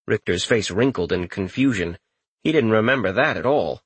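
A man reading an audiobook aloud in a lively, expressive way. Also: lowish voice, brisk, slightly rough, no room sound. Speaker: audiobook narrator. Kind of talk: scripted narration.

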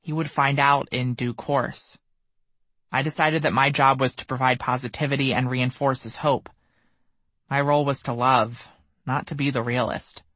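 A man reading his own memoir aloud as an audiobook, measured and somber. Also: medium pitch, steady tone, sharp tone, no room sound. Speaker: memoir narrator. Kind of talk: audiobook narration.

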